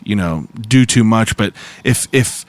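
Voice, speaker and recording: A man's voice: lowish voice, unhurried, no room sound. Young man asking rambling questions. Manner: rambling questions, lots of "like" fillers. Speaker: podcast host. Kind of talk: casual interview chat.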